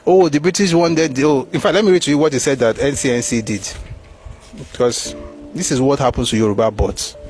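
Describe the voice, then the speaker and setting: Nigerian male commentator, fiery and rhetorical, mid-pitched, faint music behind. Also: a little fast. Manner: animated, rhetorical, reads passages aloud. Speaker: history commentator. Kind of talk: opinionated commentary.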